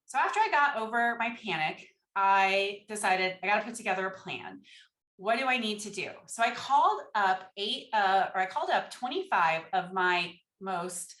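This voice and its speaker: A woman giving a conference keynote as a speaker, telling a story and acting out quoted dialogue with animated energy. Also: medium pitch, normal speed, roomy sound.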